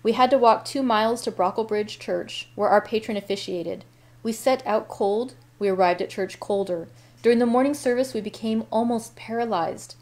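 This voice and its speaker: A woman hosting a library read-aloud, reading a novel in a steady, unhurried way with small self-corrections. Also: on the high side.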